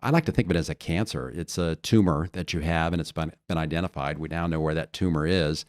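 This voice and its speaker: A man's voice: very deep voice, fast, a little mellow, no echo, studio quality. A man coaching on leadership in a podcast conversation, earnest and explaining through stories and analogies.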